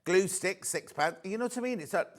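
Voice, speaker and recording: A man's voice: high-pitched, expressive, a little fast. Chatty man selling on live TV. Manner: chatty, reads out viewer messages. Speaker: shopping channel presenter. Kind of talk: live sales presenting.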